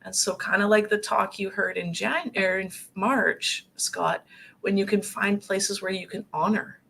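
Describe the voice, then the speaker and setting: A woman speaking gently and earnestly about grief from her own experience, in a conversational talk. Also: mid-range voice, steady tone, a little slow, gravelly, breathy edge. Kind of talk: conversational talk show discussion.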